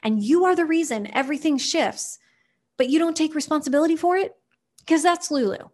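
A woman with a somewhat high voice hosts a motivational podcast. She speaks with animated emphasis and keeps turning to her listeners with pointed questions. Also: a little fast. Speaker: podcast host.

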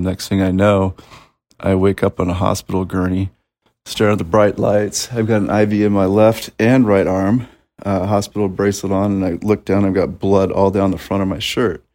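A man with a very low voice recounts a story as a listener, sending it in as a voice message. He keeps it wry and matter-of-fact. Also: a little mellow. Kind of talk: voice-message anecdote.

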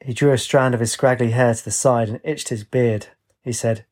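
A man narrating a story in a steady, plain audiobook reading. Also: mid-range voice, normal speed.

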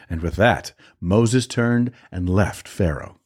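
A man hosting a daily podcast, reading scripture aloud in a calm, even-paced way. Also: deep voice, takes it slowly. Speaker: Bible reader and podcast host.

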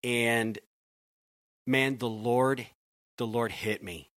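A man's voice: mid-range voice, fairly even intonation, very slow, a bit bright, no room sound. A youth pastor from Connecticut telling his calling story in an earnest, conversational way with frequent restarts. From Connecticut, USA. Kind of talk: conversational podcast interview.

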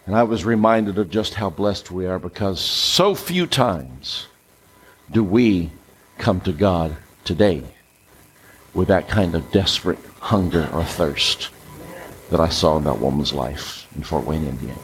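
A preacher giving a sermon in a church, animated and coaxing the congregation to take part. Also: male voice, sits low, a little slow, a little hiss or hum, rough recording. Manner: animated, coaxes the audience.

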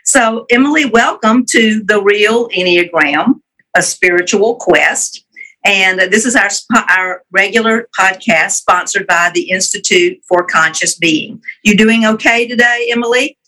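A woman with a Southern US accent, co-hosting a podcast interview with friendly, unhurried introductions. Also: mid-range voice, bright, forceful tone, low-quality recording. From Alabama, USA. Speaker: podcast co-host.

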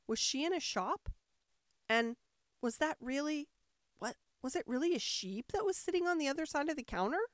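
Woman voicing an earnest, polite young girl in a storybook; bright, lively delivery with a dry, close sound. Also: high-pitched, normal speed, no room sound, voice pushed up. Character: polite, curious little girl Alice.

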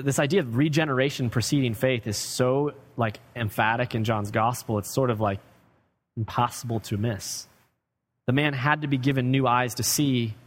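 In a church sanctuary, a pastor preaches a sermon, moving from loud, emphatic declarations to quiet, low asides. The recording carries long hall reverb.

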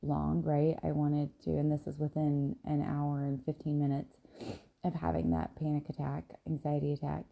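A woman's voice: low voice, normal speed, vocal fry, mellow. A woman hosting a casual solo podcast, talking candidly and a little rambling, with many ums and "right?" tags, tired and yawning in the early morning. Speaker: podcast host and business coach.

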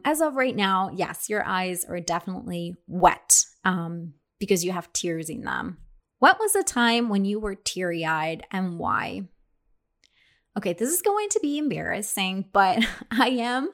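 A young adult woman explaining English expressions in a casual lesson, chatty, with many fillers and restarts. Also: medium pitch. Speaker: English teacher.

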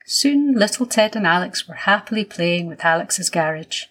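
A woman reading a children's story aloud in a gentle, unhurried manner. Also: fairly low pitch, animated.

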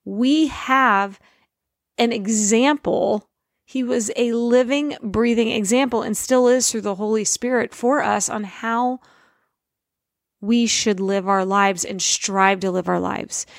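A middle-aged woman giving an informal, earnest faith talk as a parent, slowing down to stress her points. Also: on the high side, vocal fry, no room sound, clean studio sound. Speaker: Christian speaker, parent.

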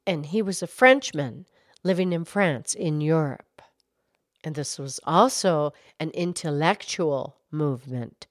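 A woman voicing a gentle female cow who calmly explains history on a children's show. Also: sits low, unhurried, dry recording, clean studio sound. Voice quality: calm, explanatory, hesitant restarts. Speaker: co-host, explainer.

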